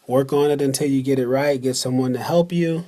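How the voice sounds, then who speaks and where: In a warm voice of middle pitch, a man presents a beginner language lesson with slides. The delivery is slow and deliberate, with words repeated so the listener can practise them.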